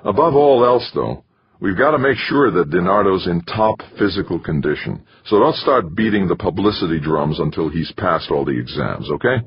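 A man voicing a calm, diplomatic mission leader who reasons things out in a measured way. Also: sits low, breathy edge, lo-fi sound, heavily acted.

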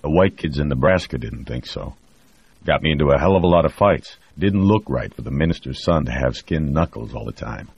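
A man's voice: a bass voice, animated, brisk, vocal fry, breathy edge, lo-fi sound, full character voice. A man reading an audiobook, voicing a wry, easygoing astronaut and former pilot with a laconic way of talking. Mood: wistful.

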